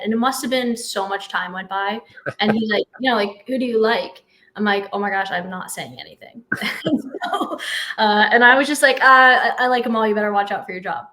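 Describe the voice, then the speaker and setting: A woman from Vermont chats as an interview guest, telling stories in a bubbly, animated way. Her voice is bright and crisp at a middle pitch. She speaks as a hockey team's general manager. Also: low-quality recording. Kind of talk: casual interview chat.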